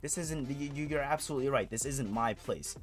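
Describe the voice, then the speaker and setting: A man's voice: mid-range voice, fairly quick, faint music behind, natural voice. A man retelling a domineering male wrestling champion, giving orders in a bossy tone. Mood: commanding. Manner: bossy, ordering others around.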